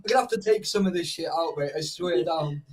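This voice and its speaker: A man's voice: fairly high pitch, fairly quick. A man chatting casually on a live stream, swearing freely, laughing a lot and saying "mate" in nearly every line. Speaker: urban explorer on a live stream. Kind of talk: casual banter.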